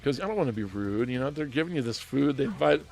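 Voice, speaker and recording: Speaking quickly and expressively, a man hosting a gaming stream tells a story with frequent laughs and restarts. His mid-range voice is darkish with vocal fry, and faint music sits in the background.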